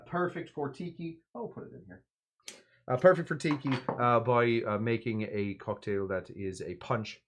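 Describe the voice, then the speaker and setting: A man hosting a casual drinks livestream, rambling and hesitant, bluntly critical of what he tastes. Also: on the low side. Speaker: livestream drinks show host.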